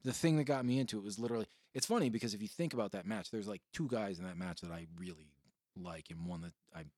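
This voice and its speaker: A man hosting a podcast in casual chat, telling rambling, profane stories with bursts of excitement. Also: on the low side, quick pace, dry recording, studio quality. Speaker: podcast host.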